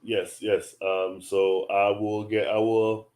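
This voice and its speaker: A man's voice: lowish voice, flat delivery, slow, darkish tone. A man co-hosting a casual sports talk show, laid-back, thinking aloud with ums and frequent mm-hmms. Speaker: podcast co-host.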